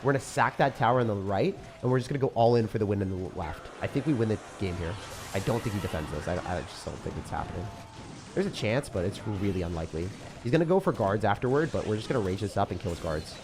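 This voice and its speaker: A man's voice: lowish voice, animated, fast talker, background noise. A young man giving casual, chatty gameplay commentary as a channel host. He talks in slang, jokes around and laughs often.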